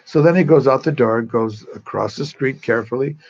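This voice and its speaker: A man's voice: medium pitch, brisk, dull audio. A man, a priest, telling a long joke on a TV talk show in a rambling, chatty way, often repeating himself.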